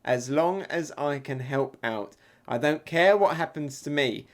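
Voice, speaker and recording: A brave little girl, steady and set on her goal, as a man reads her lines aloud. The voice stays close to a plain male reading voice. The delivery is slow and careful. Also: on the high side, lightly acted. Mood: earnest.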